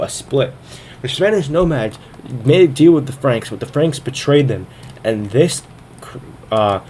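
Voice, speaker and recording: A man's voice: mid-range voice, a little mellow, slight background noise. A man casually commenting on a strategy game, thinking aloud as he narrates each turn, sometimes a little out of breath. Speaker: gaming video host.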